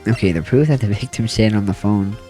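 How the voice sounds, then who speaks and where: A man's voice: fairly low pitch, brisk, warm tone, faint music behind. A man casually commenting as he plays a game, offhand and correcting himself. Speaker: gamer reading a game aloud. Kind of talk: casual let's play commentary.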